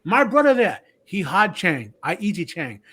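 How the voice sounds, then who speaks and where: Man putting on stern male professor, heavy foreign accent, clipped broken speech, high pitched. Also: very animated, normal speed, sharp tone, husky, heavily acted. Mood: mock-stern. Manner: clipped, broken phrasing, boastful threats.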